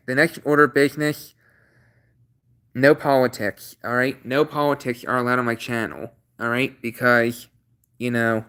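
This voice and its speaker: A man hosting his own channel stream, laying out chat rules in a halting, repetitive way with many restarts, earnest and apologetic at times. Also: medium pitch, fairly bright tone, clear, resonant tone. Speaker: channel host. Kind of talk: casual livestream talk.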